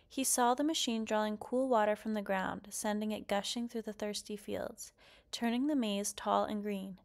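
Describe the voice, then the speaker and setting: A woman reading a children's picture book aloud, lively and expressive, then posing questions to young listeners. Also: mid-range voice, vocal fry. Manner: expressive, lively character quotes. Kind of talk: read-aloud storytelling.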